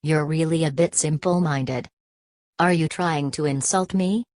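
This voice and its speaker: A woman voicing an ancient, weary male ghost of a hunter in a read-aloud story, in a calm, measured way. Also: sits low, dry recording, clean studio sound. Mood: solemn.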